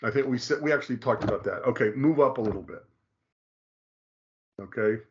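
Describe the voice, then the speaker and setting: A man presenting in a casual explanatory discussion, halting and restarting often and drawing out key names slowly. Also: medium pitch, lo-fi sound, slight background noise. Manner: halting, frequent restarts, slow drawn-out stress on names.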